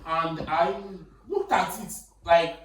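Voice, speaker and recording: Animated Nigerian man telling a story. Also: on the high side, takes it slowly. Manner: animated, insistent, talks over interruptions. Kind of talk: casual storytelling. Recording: echoey room, distant mic, faint noise.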